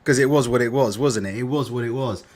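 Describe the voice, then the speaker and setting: A man's voice: medium pitch, quick pace. A young man hosting a live chat, reading out comments and ranting with lots of swearing and "innit". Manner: swearing, rambling, fillers like "innit" and "yeah". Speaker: live stream host.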